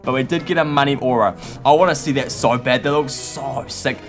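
A man commenting on his own gameplay in a frantic, excitable way, often shouting and squealing. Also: mid-range voice, fairly quick, creaky. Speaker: gaming YouTuber. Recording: light background music.

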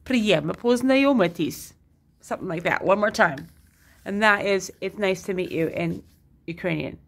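A woman's voice: lowish voice, moderate pace, gravelly, a bit bright. A woman talking to camera in a casual video diary, chatty, upbeat and self-deprecating. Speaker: vlogger. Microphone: headphones with Bluetooth device.

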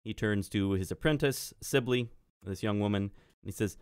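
Relaxed male game master, dry close sound. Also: on the low side, moderate pace, dry recording. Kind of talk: casual tabletop play.

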